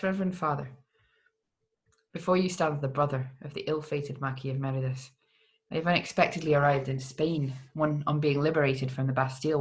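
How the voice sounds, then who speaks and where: A grave, stern nobleman from a gothic tale, as the reader puts him on. His foreign accent wanders in and out, and he speaks with weight and solemnity at an even pitch. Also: close to an everyday voice. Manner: put-on foreign accent that keeps slipping. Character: stern nobleman, a man back from prison. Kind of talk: audiobook character voice.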